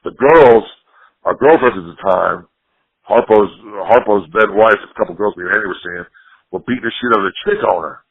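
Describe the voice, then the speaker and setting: A man's voice: fairly low pitch, a little fast, slightly rough. A man from New Jersey, a punk band member, telling rambling, profane stories in a casual interview. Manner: profane, rambling storyteller, quotes people. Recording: tinny phone line.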